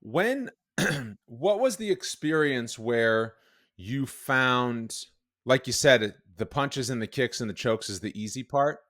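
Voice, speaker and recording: A man's voice: medium pitch, lively intonation, slow, a bit bright, no room sound, clean studio sound. A man hosting an interview podcast, asking long, wandering questions. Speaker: podcast host.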